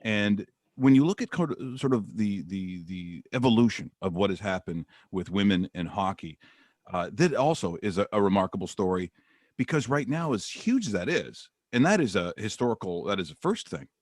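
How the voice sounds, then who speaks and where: Middle aged guy hosting sports radio, low voice, rambles, bounces all over in pitch. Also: normal speed, no echo, studio quality. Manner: rambling, animated storytelling. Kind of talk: radio interview chat.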